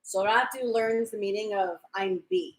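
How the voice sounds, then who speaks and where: A woman's voice: medium pitch, moderate pace, reverberant, low-quality recording. A woman co-hosting a casual fan discussion livestream, chatty and recapping scenes with quoted lines. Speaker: podcast co-host.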